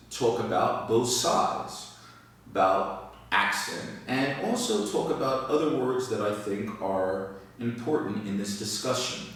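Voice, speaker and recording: A man with a lowish voice teaches English at an unhurried, careful pace. He stresses and repeats key words as he explains. He sounds set back from the mic in a very echoey room. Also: fairly bright tone, far from the mic. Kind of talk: video lesson.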